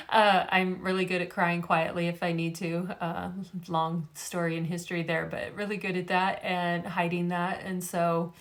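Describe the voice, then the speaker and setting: A middle-aged woman speaking to camera in a casual vlog about faith. She talks earnestly and rambles with many fillers, and she is tired after a migraine. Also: lowish voice. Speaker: vlogger.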